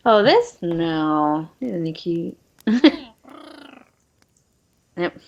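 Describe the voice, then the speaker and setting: A woman's voice: on the low side, lively intonation, drawn-out words, gravelly, exaggerated voice. A breezy female fire-cult devotee with a Southern country lilt, as a woman puts her on. She speaks of grim rites in a casual, matter-of-fact way. The recording is slightly dull and lo-fi. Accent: American Southern country. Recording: dull lo-fi sound.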